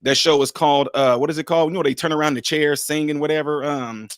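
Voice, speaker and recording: Man, fast talker, mid-range voice, dry close mic, relaxed storytelling, panel chat. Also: fairly high pitch, clean tone, no room sound. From USA. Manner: relaxed, talks through examples and stories. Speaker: panel guest. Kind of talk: casual panel discussion.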